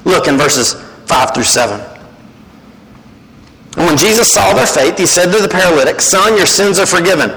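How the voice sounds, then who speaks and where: A man's voice: high voice, normal speed, pauses often, big-room sound, poor audio. A man preaching as a guest speaker, acting out the voices he quotes. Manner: animated, acts out quoted voices. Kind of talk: sermon.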